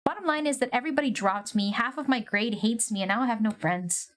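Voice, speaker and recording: A woman's voice: a little high, fast, faint music behind, lightly acted. A woman reading the lines of a heartbroken teenage girl from a dating game, in a plain, sincere voice. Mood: hurt.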